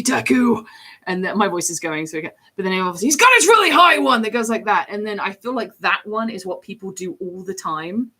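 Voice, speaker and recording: A woman with a slightly low voice chats through a casual stream. She rambles from one thought to the next and keeps slipping into quick put-on voices. She sounds like a working voice actor talking shop. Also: pushed and bright. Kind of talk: casual chat while drawing on stream.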